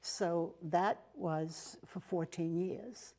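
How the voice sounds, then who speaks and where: A woman's voice: on the low side, fairly even intonation, extremely slow. An older woman with an American accent, telling stories as a TV interview guest, with fillers and restarts. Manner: warm storytelling with fillers and restarts. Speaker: interview guest, nun and teacher. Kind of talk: casual interview talk. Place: TV studio.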